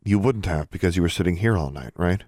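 A man's voice: sits low, animated, quick pace, darkish tone, no echo, clean studio sound. A man reading an audiobook, voicing a defiant, guarded teenage witch girl in a raised, strained tone. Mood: tense, wounded.

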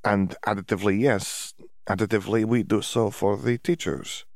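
A man's voice: on the low side, fairly even intonation, dry recording, clean studio sound, lightly acted. Man doing a stammering foreign young wizard. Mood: earnest. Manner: halting broken English, stammers, hunts for words. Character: awkward cheerful foreign young wizard student.

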